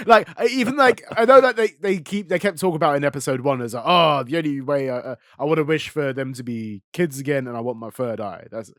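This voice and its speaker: A young man co-hosting a podcast in casual chat, laughing often and dropping into low mumbles to act out quotes. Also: fast, hardly any pauses, no room sound, clean studio sound. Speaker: podcast co-host.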